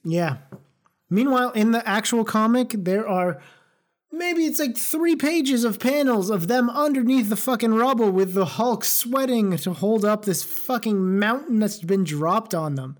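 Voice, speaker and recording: A woman's voice: on the high side, a little slow, a little mellow. A woman co-hosting a podcast in casual chat, retelling a plot in a laid-back, profane way. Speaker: podcast co-host.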